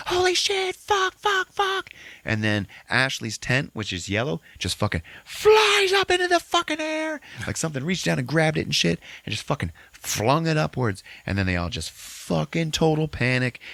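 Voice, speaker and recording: A man hosting a podcast, recapping a movie in a casual, profane, animated way and acting out the characters. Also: on the low side, vocal fry, dry recording. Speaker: podcast host.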